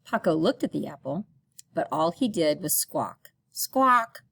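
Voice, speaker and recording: A woman reading a children's picture book aloud in a slow, expressive storytelling manner. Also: low voice, gravelly, slightly rough, no echo, clean studio sound. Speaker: storybook reader.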